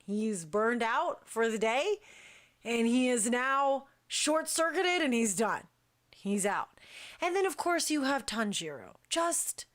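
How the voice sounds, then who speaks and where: A young woman hosts a casual talk show with a fairly high voice. She gushes as she talks and jumps up in pitch for emphasis. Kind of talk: casual chat.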